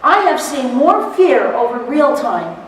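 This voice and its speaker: A middle-aged woman giving a lively motivational seminar to court reporters, telling stories and acting out what people said, laughing often. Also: sits high, a little slow, a little hiss or hum. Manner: animated storyteller, laughs often, acts out quotes. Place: seminar hall. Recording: echoey hall, recorded from far off.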